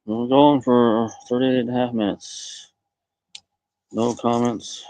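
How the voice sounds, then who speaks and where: A man live-streaming outdoors from his farmyard on a phone, rambling to viewers and talking softly to his goats. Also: mid-range voice, little pitch movement, slow, no room sound, poor audio. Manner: rambling, talks softly to animals. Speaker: livestreamer tending goats. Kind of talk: casual live-stream monologue.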